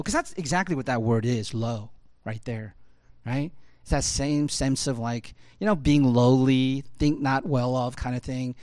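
A man preaching a sermon in a loose, conversational way, filling his talk with "you know, like" and moving between loud emphatic bursts and low quiet asides. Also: no echo, clean studio sound. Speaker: pastor.

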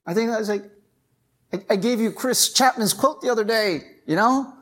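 A pastor delivers a sermon with a husky, slightly breathy voice that sits at a middling pitch. The delivery is chatty rather than formal, peppered with "right?" and "you know?" to draw the listeners in. When a point matters, the voice climbs higher and pushes harder. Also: moderate pace, a bit bright. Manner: conversational preaching with frequent "right?" and "you know?"; rises in pitch and force when stressing a point.

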